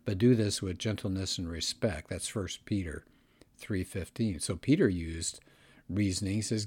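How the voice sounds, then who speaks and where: A man's voice: sits low, moderate pace, darkish tone, slightly rough, no echo. A man hosting a casual talk about an apologetics book, speaking conversationally with frequent fillers. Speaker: host reviewing an apologetics book.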